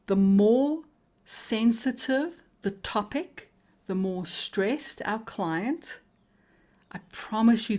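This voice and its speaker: Calm, melodic woman coach teaching slowly. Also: medium pitch. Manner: calm, slow and melodic, with deliberate pauses. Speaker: coaching trainer. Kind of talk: live coaching webinar teaching.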